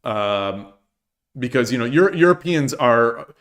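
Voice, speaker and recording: A middle-aged man talks off the cuff on a livestream at a mid-range pitch. He rambles, restarts his sentences and leans on fillers as he goes. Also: expressive, unhurried, fairly bright tone. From United States. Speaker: streamer. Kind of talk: casual livestream chat.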